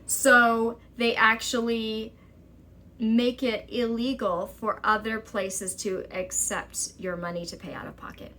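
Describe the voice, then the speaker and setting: A woman's voice: fairly high pitch, little pitch movement, sharp tone. A young woman vlogging a personal story to camera, urgent and exasperated, quoting others as she goes. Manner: urgent, exasperated retelling with quick quoted dialogue.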